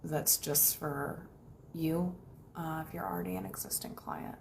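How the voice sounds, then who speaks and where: A young woman with a slightly low-pitched voice hosts a relaxed livestream. She reads comments out loud and answers them in a warm, chatty way. She often thanks her viewers and laughs lightly. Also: a little slow, slight background noise. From United States. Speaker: manifestation coach hosting a livestream. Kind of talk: casual livestream chat reading viewer comments.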